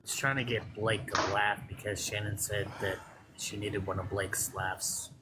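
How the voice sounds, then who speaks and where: A man's voice: lowish voice, steady tone, a little slow, over loud music. A man co-hosting a live stream, joking in casual banter. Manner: jokey banter. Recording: noisy background hiss.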